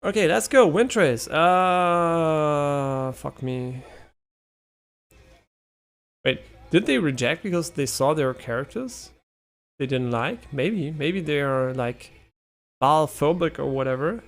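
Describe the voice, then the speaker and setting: A young man streaming live, giving casual gameplay commentary, excitable and swearing a lot as he talks to his chat. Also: fairly high pitch, slow pace, pauses often.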